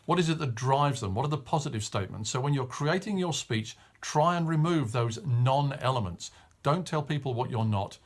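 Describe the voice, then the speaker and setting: A middle-aged man delivers a short spoken coaching tip in a mid-range voice. He speaks in a clear, measured way and stresses the key words as he explains each point. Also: medium pitch. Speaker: media coach.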